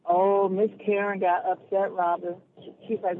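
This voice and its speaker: High-voiced male caller on a tinny phone line. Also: no echo. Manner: animated, indignant, quick retorts. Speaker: radio call-in caller. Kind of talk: casual storytelling on a call-in show.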